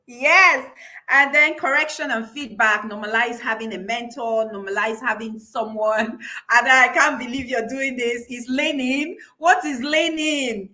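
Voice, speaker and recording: A woman's voice: fairly high pitch, sharp tone. A woman public speaking coach teaching a live-streamed class, emphatic and repeating key phrases for her followers.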